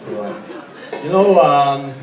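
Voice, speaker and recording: A man in his twenties doing a stand-up set, deadpan and self-mocking, with lots of "you know, uh" fillers. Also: medium pitch, takes it slowly. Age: 20s. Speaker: stand-up comedian. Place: hotel pub venue, indoors, live audience. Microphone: far audience camera. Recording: echoey room, far mic, crowd noise.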